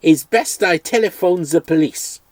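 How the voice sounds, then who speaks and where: A man voicing a fat, enraged middle-aged German vet in a corny German accent, spluttering and blustering, higher and louder than his own voice. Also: a little slow, dry recording. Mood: raging. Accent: corny put-on German accent.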